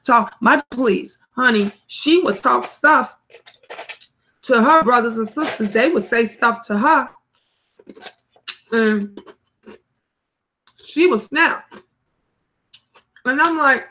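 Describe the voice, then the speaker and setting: A woman hosts a talk stream, reading out viewers' comments in an emphatic, blunt way with sudden loud rises and some swearing. Her voice is fairly high, her pace slow, with long pauses.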